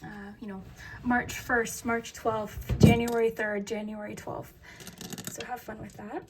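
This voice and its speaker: A woman's voice: a little high, level tone, measured pace, very noisy. A young woman giving a casual tarot reading, giggly and flustered, with many fillers and restarts. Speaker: tarot reader.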